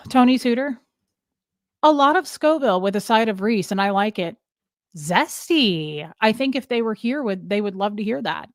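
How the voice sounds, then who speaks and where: A woman running a casual livestream rambles across topics and greets her viewers by name. Her mid-range voice is expressive and moderately paced. The audio has no echo and is studio quality.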